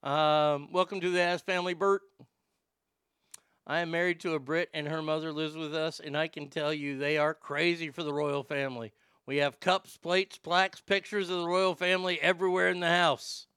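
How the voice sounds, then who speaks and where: Profane, excitable male podcast host. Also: fairly high pitch, moderate pace, clear, resonant tone, dry recording, studio quality. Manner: profane, excitable, rambling with repeats. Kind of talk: casual chat reading listener mail.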